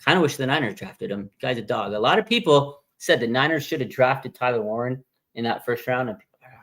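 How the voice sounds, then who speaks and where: A man in his thirties runs a casual live fan stream. He rambles with animated, slangy banter, and his pitch sits in the middle range for a man. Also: brisk. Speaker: fan show livestream host.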